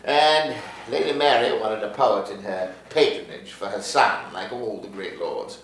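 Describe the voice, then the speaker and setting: A wistful 52-year-old poet, roomy stage. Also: male voice, on the low side, unhurried. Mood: reminiscing. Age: 50s. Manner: animated, reminiscing storyteller. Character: 52-year-old playwright, wistful, lovestruck storyteller. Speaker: stage actor in a one-man play. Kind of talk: theatrical stage monologue. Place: theater stage. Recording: roomy stage sound from a far camera with faint noise.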